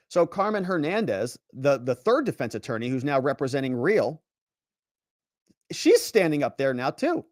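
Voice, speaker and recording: A man's voice: medium pitch, very animated, moderate pace, no room sound, studio quality. A man hosting legal commentary, who retells a court hearing dramatically and acts out the lines of the judge and the lawyers.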